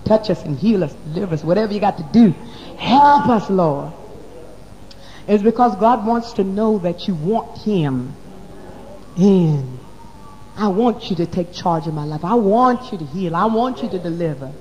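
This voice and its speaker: A woman preaching a sermon to her congregation in church, dropping to a hush and then rising loud, calling her listeners baby and honey. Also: medium pitch, animated, moderate pace, in a large hall, poor audio. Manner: swoops from hushed to loud. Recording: faint hum on an old recording.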